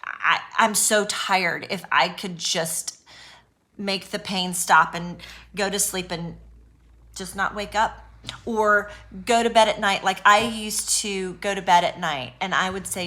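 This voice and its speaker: A woman talks to her camera in a raw, unedited vlog. Her voice is bright and forward at an ordinary pitch. She sounds nervous but earnest and reassuring, stumbling through fillers and restarts. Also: slow pace. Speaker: YouTuber speaking on abuse recovery. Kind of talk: unedited personal vlog talk.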